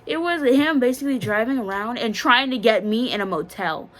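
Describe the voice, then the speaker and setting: A woman's voice: a little high, expressive, brisk. Candid young woman vlogging. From Bahamas. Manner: candid, laughing, slangy. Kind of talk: storytime vlog.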